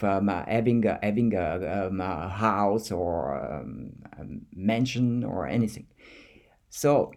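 Slow, mellow man with a French accent. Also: fairly low pitch. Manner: thoughtful, halting, repeats words while searching for them. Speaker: artist vlogger. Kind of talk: reflective monologue to camera.

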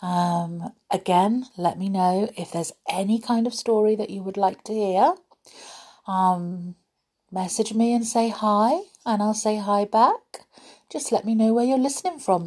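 Slow, breathy woman reading bedtime stories. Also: mid-range voice. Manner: gentle, friendly, soothing. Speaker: storyteller host. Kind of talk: storybook reading to listeners.

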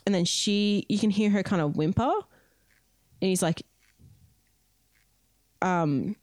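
A woman's voice: mid-range voice, slow, long pauses, darkish tone, no echo, studio quality. A woman co-hosting a podcast, recounting a story in casual chat full of fillers. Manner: chatty, many fillers, recounting events. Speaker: podcast co-host. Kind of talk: casual true-crime storytelling.

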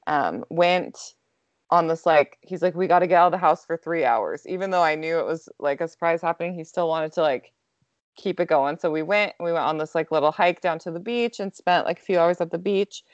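Young woman, chatty storyteller, lowish voice, dry muffled recording. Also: moderate pace, no echo. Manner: chatty, lots of "like" fillers, laughs often. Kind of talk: casual storytelling chat.

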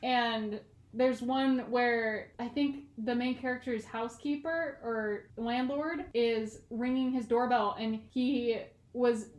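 A young woman co-hosting a podcast, recalling things in an excitable, chatty way full of likes. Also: on the high side, slow pace. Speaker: podcast co-host. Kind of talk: casual chat. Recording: echoey room.

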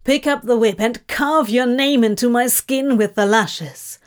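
Woman doing a sneery sarcastic demon dude, slow and kinda high. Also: natural voice. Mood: provoking. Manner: sardonic, sneering. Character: snarky, brooding male demon.

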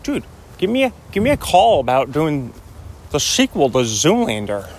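A man's voice: fairly high pitch, huge pitch swings, moderate pace, darkish tone, full character voice. A man putting on a laid-back celebrity impression, drawling and repeating "hey" and "dude". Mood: goofy.

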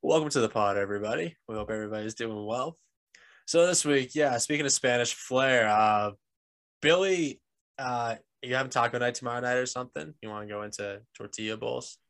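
A relaxed man chatting as co-host of a casual podcast. He jokes easily and lets his lines fade out softly at the end, with a voice of middling pitch. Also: brisk.

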